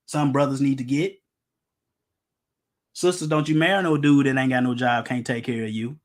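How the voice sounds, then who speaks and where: A man's voice: medium pitch, steady tone, moderate pace, pauses often. A middle-aged man preaching an informal Bible-teaching sermon, emphatic, firing rhetorical questions and joking with his listeners.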